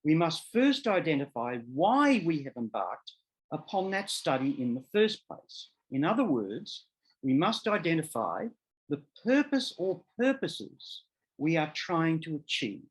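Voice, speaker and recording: A man, a law professor, giving a measured academic seminar lecture that explains ideas step by step and sometimes corrects himself. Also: fairly high pitch, sing-song, poor audio. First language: English. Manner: measured, explanatory, repeats key terms; occasional self-corrections.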